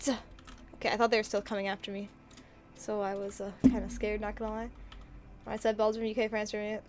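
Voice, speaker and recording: A woman's voice: mid-range voice, little pitch movement, fast. A woman streaming a game, chatting casually in a bubbly, giggly way while reading chat aloud.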